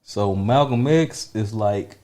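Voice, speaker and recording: A man's voice: on the low side, slow, mellow. A man in his thirties co-hosting a podcast, talking in loose, slangy, laughing banter. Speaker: podcast co-host. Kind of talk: casual chat.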